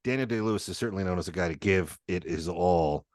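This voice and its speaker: Male host, very deep and dry; chatty storyteller, laughs easily. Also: quick pace, darkish tone, no echo. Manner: rambling anecdotes, laughs often, swears. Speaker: podcast host. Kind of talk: casual interview chat.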